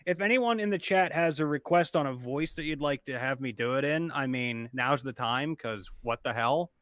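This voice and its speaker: A man who narrates and does voices, chatting casually on a live stream, animated and swearing freely. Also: mid-range voice, moderate pace, no room sound. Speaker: narrator and voice actor.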